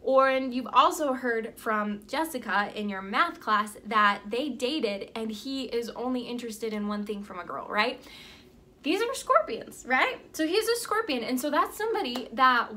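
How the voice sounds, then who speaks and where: Bright, high-voiced chatty woman life coach. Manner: upbeat and chatty, with frequent "like" and "right?". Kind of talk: motivational vlog storytelling.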